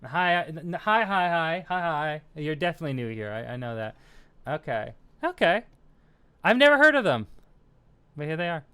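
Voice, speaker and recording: A man's voice: fairly high pitch, sing-song, normal speed, bright, forceful tone, clear, resonant tone. A young American man hosting a stream, chatting casually with viewers, rambling and self-deprecating. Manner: rambling and self-deprecating, lots of fillers and laughs. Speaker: streamer host. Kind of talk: casual stream chat reading viewer comments.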